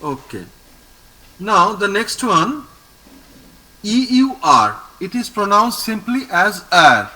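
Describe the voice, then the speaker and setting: A man's voice: high voice, sing-song, takes it slowly, pauses often, sharp tone, rough recording. A man teaching a French lesson. He repeats words patiently and praises his student often. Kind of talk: online language lesson with a student.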